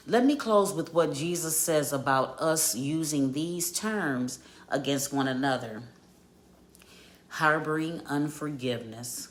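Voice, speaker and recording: A woman with a low, grounded voice delivers a devotional reflection. She takes her time, reading each scripture passage slowly and measuredly. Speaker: podcast host and life coach.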